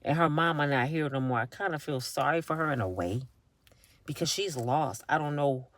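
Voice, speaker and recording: A woman's voice: low voice, moderate pace, no echo. A middle-aged woman talking straight to her viewers in a casual vlog, emphatic and tired, from a parked car. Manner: emphatic, talks directly to viewers. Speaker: vlogger.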